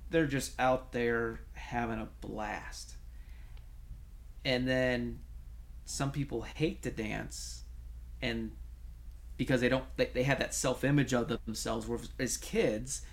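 A man's voice: medium pitch, slow, long pauses. A man co-hosting a talk show as a coach, telling stories in casual conversation with lots of restarts and fillers. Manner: animated storytelling with many restarts and fillers. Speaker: podcast co-host, coach.

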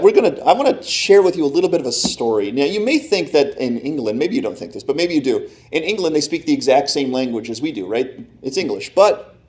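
A man's voice: fairly high pitch, a little mellow. A man preaching a sermon, playfully asking his congregation questions and joking with them. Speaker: pastor. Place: church in front of a congregation.

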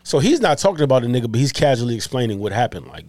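A young man co-hosting a podcast, telling an animated story in casual chat, swearing freely. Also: mid-range voice, quick pace, few pauses, no echo. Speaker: podcast co-host.

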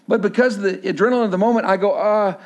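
Pastor with a high voice. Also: male voice, fairly even intonation, rapid-fire. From Texas. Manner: storytelling, acts out voices, drops low and quiet for emphasis. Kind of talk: sermon with personal story.

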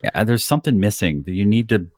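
Casual podcast co-host, male, deep voice, animated and profane, acts out quotes. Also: brisk, no echo, clean studio sound. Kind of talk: casual chat. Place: Los Angeles.

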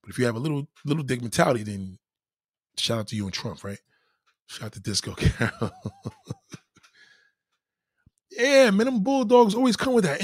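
A man holds forth to his live-stream chat, blunt, crude and full of swagger. His voice has a husky grain and swings up and down with plenty of life. It sounds close and dry, with no room around it. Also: a little high, sing-song, brisk, no echo. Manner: blunt, profane, boastful. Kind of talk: casual live-stream monologue.

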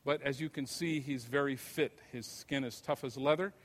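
An older man giving a lecture, telling stories in an unhurried, conversational way. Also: medium pitch, steady tone. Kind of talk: anecdotal lecture. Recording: long reverb of a lecture hall.

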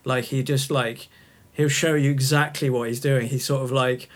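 A man's voice: medium pitch, fairly even intonation, normal speed. A man hosting a podcast, chatty and agreeable in casual conversation. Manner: chatty, agreeable, laughs easily. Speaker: podcast host.

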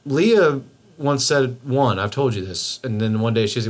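A man's voice: mid-range voice, big pitch swings, moderate pace. Rambling, jokey podcast man. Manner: rambling, jokey, swears freely. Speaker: podcast co-host. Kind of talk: casual podcast banter.

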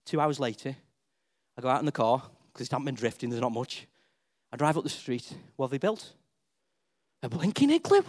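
A man's voice: mid-range voice, big pitch swings, fairly quick, long pauses, darkish tone. A middle-aged man preaching a sermon as a pastor, telling a story and acting out voices.

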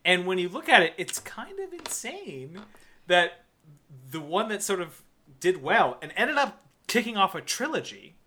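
A man co-hosting a casual podcast, excitable, laughing a lot and swearing freely. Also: high voice, moderate pace. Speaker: podcast co-host.

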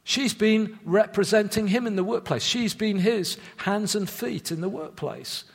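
A man with a high voice preaches a sermon, earnest and measured. He drops his voice low to drive points home and often repeats words as he starts a thought again. His voice rings out with the long reverb of a church hall. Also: vocal fry, slightly rough.

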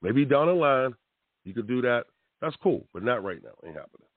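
A man's voice: mid-range voice, big pitch swings, a little fast, no echo. A man hosting a wrestling talk show, giving fiery, rambling opinions full of slang and pleading asides. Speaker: radio host. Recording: tinny phone-like dry sound.

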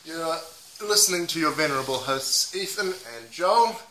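A man's voice: a little high, lively intonation, normal speed, bright, forceful tone, echoey room, a little hiss or hum, poor audio. A man co-hosting a casual podcast, joking and laughing at himself as he talks. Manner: laughs often, self-deprecating. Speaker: podcast co-host.

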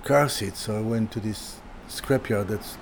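A man's voice: fairly low pitch, gravelly, a little hiss or hum. An older man, a furniture designer, telling a casual story as an interview guest, stopping and restarting his sentences often. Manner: halting, with many restarts and repeated words.

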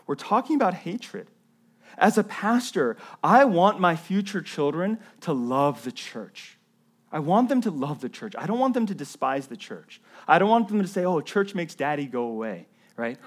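This young adult pastor's voice sits high and is slightly rough. He preaches earnestly in a conversational style, regularly asking the congregation "right?" to check in with them.

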